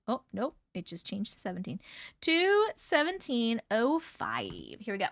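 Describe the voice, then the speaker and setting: Bright chatty woman livestream host. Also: on the high side, big pitch swings, measured pace, dry recording, clean studio sound. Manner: chatty, laughs often, swears casually. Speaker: host reading viewer stories. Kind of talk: casual livestream chat and story reading.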